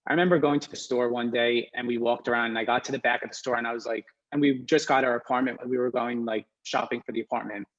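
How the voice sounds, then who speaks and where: A man in his twenties, a podcast guest, talking in a soft, hesitant, casual way with many fillers. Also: medium pitch, steady tone, quick pace, few pauses, highs cut off. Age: 20s. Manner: soft-spoken, hesitant, lots of "like". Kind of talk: casual interview.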